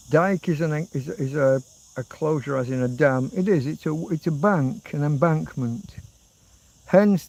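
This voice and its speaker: A man's voice: medium pitch, gravelly, a little mellow, low-quality recording. A middle-aged man hosting a rambling livestream, reading out viewer comments and answering them as he goes. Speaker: livestream host. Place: outdoors in a rural spot.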